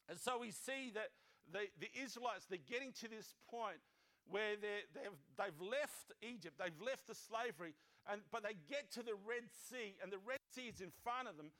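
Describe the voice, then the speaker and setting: A man's voice: sits high, lively intonation, normal speed, sharp tone. A man preaching a sermon as pastor, reading scripture and breaking into conversational, joking asides and acted-out voices.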